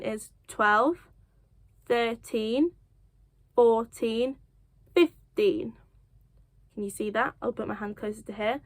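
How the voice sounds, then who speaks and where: Casting: young woman from the UK, kids' sign language teacher, unhurried and encouraging, slightly high voice, dry close sound. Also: dry recording. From United Kingdom. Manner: encouraging, self-deprecating, gentle laughs. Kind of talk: children's lesson, slow counting.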